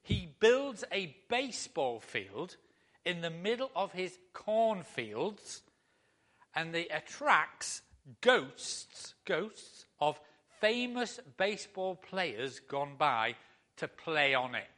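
Man, pastor, church sermon, conversational, rhetorical questions, bright tone. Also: fairly high pitch, sing-song, slow.

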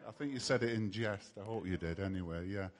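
A man speaking up at a church meeting about his fellowship group, pausing hesitantly with many fillers. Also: lowish voice.

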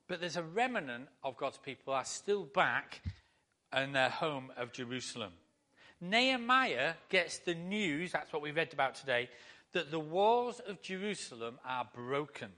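A man's voice: a little high, pushed and bright. A male pastor giving a conversational sermon to his church, full of rhetorical questions.

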